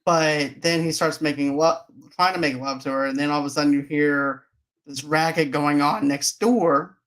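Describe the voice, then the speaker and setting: A man's voice: on the high side, steady tone, moderate pace, a bit bright. Rambling man retelling movie scenes. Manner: rambling, retells scenes with many fillers and restarts. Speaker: podcast host. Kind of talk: casual movie review chat.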